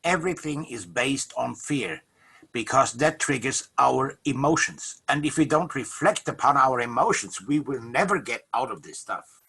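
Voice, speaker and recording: A man co-hosting a casual talk show, explaining his views in a lecturing way with a husky voice. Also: medium pitch, lively intonation, moderate pace, sharp tone. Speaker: co-host. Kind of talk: casual conversational chat.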